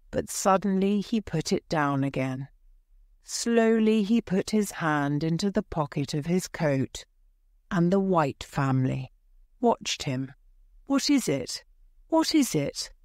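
Slow calm storyteller for english learners, dry, close sound. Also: medium pitch, dry recording. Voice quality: slow, clear, measured. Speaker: narrator.

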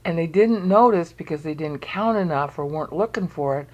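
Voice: medium pitch, expressive, moderate pace, hardly any pauses. A presenter narrating a screen-recorded walkthrough, thinking aloud while searching on screen and making pointed, emphatic remarks. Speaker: video presenter explaining research.

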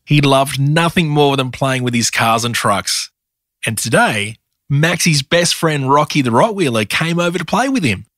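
A man narrating a children's story with a gentle, sing-song storytelling manner. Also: medium pitch, normal speed, dry recording, clean studio sound, faint music behind. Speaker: storyteller and producer.

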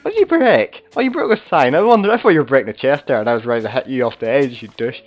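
A man hosting a casual game commentary, slightly hoarse from being sick, rambling and chatty as he talks to viewers and fellow players. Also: mid-range voice, big pitch swings, rapid-fire, lo-fi sound, soft background music. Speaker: gaming video host.

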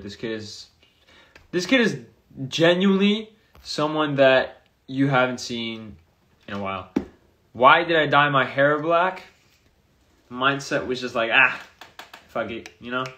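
A man's voice: medium pitch, sharp tone. A young man chatting casually on a livestream into his phone, loosely reading out and reacting to viewer comments. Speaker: streamer answering viewer comments.

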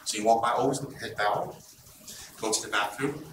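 Animated, teasing man in a roomy hall. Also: on the low side, brisk. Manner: animated storytelling, blunt and teasing. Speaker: Buddhist teacher. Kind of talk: informal dharma talk. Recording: roomy, distant mic, background noise.

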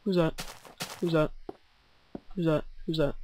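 A teenage boy with bronchitis commentates his gameplay at an unhurried pace, mumbling as he reads signs aloud. Now and then he lets out sudden yelps. A faint hiss sits under his computer mic. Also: fairly high pitch, steady tone, darkish tone, low-quality recording. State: has bronchitis. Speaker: gaming channel host. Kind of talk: casual game commentary.

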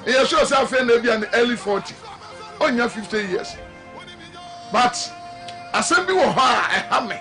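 A Ghanaian man preaching on a live radio and TV broadcast, half-singing his words and breaking into shouts. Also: extremely high pitch, animated, moderate pace, pauses often, faint music behind. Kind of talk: live broadcast sermon and talk.

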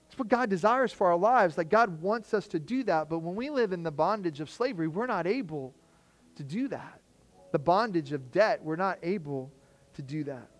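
Male pastor, higher-pitched voice, relaxed storytelling sermon, acts out quotes in conversation. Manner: storytelling with lively acted quotes, casual slang. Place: church.

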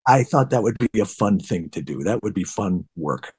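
A middle-aged man from Detroit, a bassist guest in a casual interview, telling stories and acting out past dialogue. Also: moderate pace, slightly rough. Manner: animated, acts out past dialogue in higher voice.

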